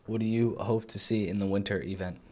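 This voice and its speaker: Low-voiced man joking while gaming. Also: fairly even intonation, a little fast, warm tone, a little hiss or hum. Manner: playful, joking banter. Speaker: podcast co-host. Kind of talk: casual gaming chat.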